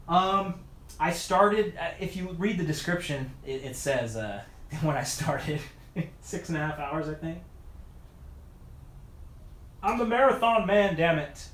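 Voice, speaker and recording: Tired male streamer, mutters while wrenching, slightly high voice, echoey room with light hiss. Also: fairly bright tone. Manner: chatty, mutters to himself while working. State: tired after hours of work. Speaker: mountain bike video creator. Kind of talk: casual livestream chat while wrenching. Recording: echoey room with faint noise.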